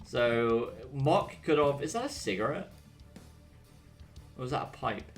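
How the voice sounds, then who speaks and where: A man's voice: mid-range voice, animated, unhurried, faint music behind. A young English man streaming and casting a strategy game replay, chatty and full of slangy banter with his chat. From England. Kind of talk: casual replay commentary.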